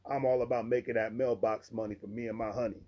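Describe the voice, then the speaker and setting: A man's voice: mid-range voice, fairly even intonation, fast, dark tone, natural voice. A man voicing a friendly middle-aged Southern male contractor, with a put-on Southern accent and folksy, homespun turns of phrase.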